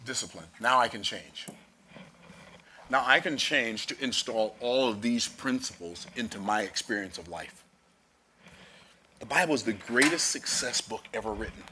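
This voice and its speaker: A man's voice: lowish voice, lively intonation, moderate pace, pushed and bright, a little hiss or hum. A man preaching a sermon, reading scripture aloud and explaining it with emphatic, rising declarations.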